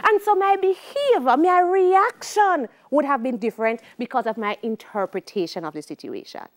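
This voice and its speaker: A middle-aged woman with a Jamaican accent gives an exam-prep sociology lecture in a high voice. She keeps it lively, drilling key terms and slipping into patois for classroom stories. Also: moderate pace. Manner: lively, shifts into patois for anecdotes. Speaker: sociology teacher.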